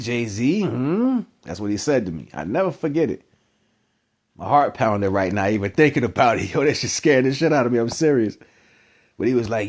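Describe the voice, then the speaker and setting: Slangy man telling a wild story. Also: mid-range voice. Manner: animated, slangy, repeats himself. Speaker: channel host. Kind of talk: casual storytelling monologue.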